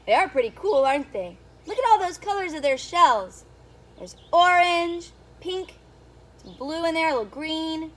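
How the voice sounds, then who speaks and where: Animated, sing-song woman reading to kids. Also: very high voice, normal speed. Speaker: children's storyteller. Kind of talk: reading a picture book aloud to young children.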